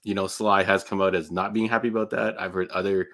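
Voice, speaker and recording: Low bright-toned joking man. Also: quick pace, creaky. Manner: relaxed, joking, rambling with fillers. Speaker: podcast co-host. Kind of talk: casual chat.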